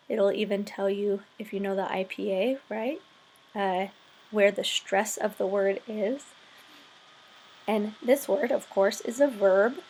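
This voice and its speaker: A woman's voice: medium pitch, darkish tone, husky. A woman teaching English vocabulary and grammar in a screen-recorded tutorial, explaining patiently step by step.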